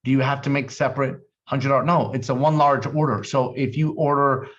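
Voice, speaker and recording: A man's voice: medium pitch, little pitch movement, a little fast, lo-fi sound. A man giving a fired-up, emphatic motivational sales talk to his team. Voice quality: fired up, emphatic, intense delivery. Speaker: team leader.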